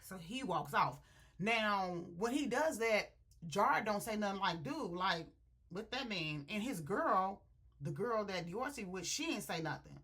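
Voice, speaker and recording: A woman reviewing a book, retelling scenes in an animated, chatty way and talking straight to her viewers. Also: medium pitch, a little slow, husky. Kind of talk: casual story retelling.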